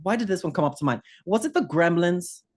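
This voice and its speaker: A man's voice: sits high, animated, fairly quick, husky. A man co-hosting a casual group chat, campy and sassy, calling everyone honey. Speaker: podcast co-host.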